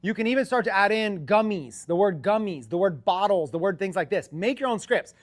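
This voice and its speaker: A man coaching viewers on sales scripts in an office, in an energetic, chatty, salesy way. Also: high voice, fairly quick.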